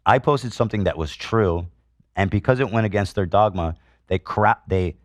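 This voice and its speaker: Male podcast host, middle-aged, heated and sarcastic commentary, deep voice, dry studio sound. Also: moderate pace, dry recording. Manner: indignant, swears, reads comments aloud with sarcasm.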